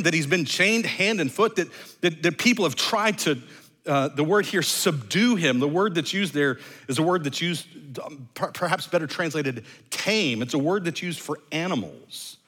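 A man preaching a sermon in an earnest way, rising to loud emphasis and dropping to hushed low phrases, often repeating words as he thinks aloud. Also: breathy edge. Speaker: pastor.

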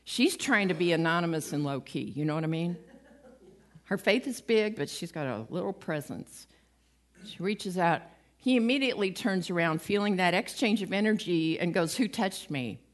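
A woman's voice: fairly low pitch, normal speed. A woman giving a conversational sermon, retelling stories with acted-out quotes and a light, self-mocking humor. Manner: lively storytelling, acts out quoted voices, laughs at herself. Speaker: preacher.

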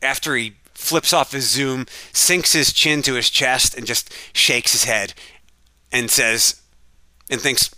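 A man speaks in a rambling, earnest way from his home, often restarting his sentences as he talks to his listeners. His voice is very bright and forward. The sound is dry and close, with almost no room echo. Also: mid-range voice, slow. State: isolating at home. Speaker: podcast host. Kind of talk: casual monologue.

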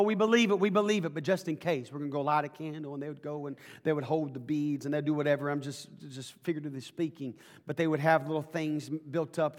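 A man's voice: a little high, in a large hall. A man preaching a sermon as pastor, folksy and conversational at first, then rising into fervent preaching.

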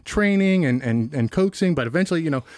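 A man's voice: a little high, animated, quick pace, darkish tone, a little hiss or hum, close to an everyday voice. A man voicing a boastful bartender inside a joke he is telling. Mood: eager. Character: male bartender telling a story.

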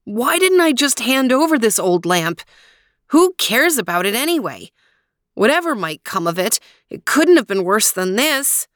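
A woman's voice: on the high side, very animated, measured pace, fairly bright tone, no room sound, clean studio sound, voice pushed up. A woman doing an eager young boy hero. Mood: despairing.

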